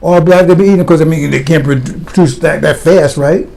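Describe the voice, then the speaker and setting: A man's voice: on the high side, fairly quick, gravelly, dark tone. A man preaching a fiery sermon, blunt and impassioned, firing rhetorical questions at his listeners.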